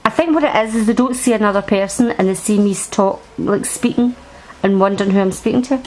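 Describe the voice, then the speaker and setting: A woman's voice: mid-range voice, a little fast, darkish tone, a little hiss or hum, low-quality recording. A woman chatting through a card deck review at home, rambling and restarting her sentences. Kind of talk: casual show-and-tell review. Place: at home, indoors.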